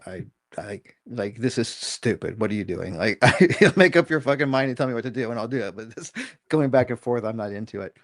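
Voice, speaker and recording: A man's voice: mid-range voice, expressive, brisk, lightly acted. A man voicing the thoughts of a defiant, frightened female Malinois dog, speaking bluntly and with exasperation. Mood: exasperated.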